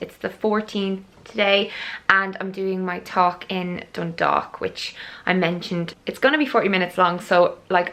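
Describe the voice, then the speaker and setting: Chatty Irish woman vlogging. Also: mid-range voice. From Ireland. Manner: chatty and self-mocking. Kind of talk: casual vlog chat.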